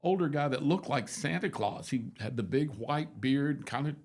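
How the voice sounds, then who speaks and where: A man's voice: medium pitch, lively intonation, normal speed, a little mellow. A man in his seventies, a radio host, telling rambling, self-deprecating stories in a casual, folksy chat. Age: 70s.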